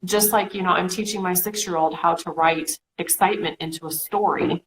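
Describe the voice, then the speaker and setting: A woman's voice: fairly low pitch, fairly even intonation, a little fast, slight background noise, rough recording. A woman in her thirties co-hosting a casual coaching chat, talking through examples with lots of "okay" and "you know". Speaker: co-host.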